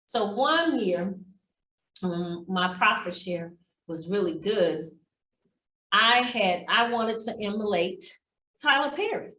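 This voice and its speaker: A woman's voice: mid-range voice, lively intonation, takes it slowly, bright, forceful tone, a little hiss or hum. Heartfelt woman in an echoey room. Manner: heartfelt, storytelling, speaks of blessing and giving. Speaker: real estate class instructor. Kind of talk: motivational class talk.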